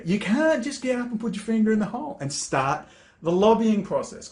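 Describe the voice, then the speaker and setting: A man's voice: sits high, big pitch swings, brisk, a little mellow. A man giving an angry, exasperated rant as a political commentator, swearing often. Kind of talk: ranting monologue. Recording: echoey room.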